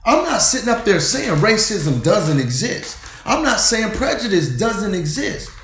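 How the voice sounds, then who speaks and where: Casual male host with a slightly high voice who holds forth emphatically and swears freely; roomy echo. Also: sing-song, unhurried, a bit bright, a little hiss or hum. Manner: emphatic, preachy, peppered with profanity. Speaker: podcast host. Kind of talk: casual group discussion.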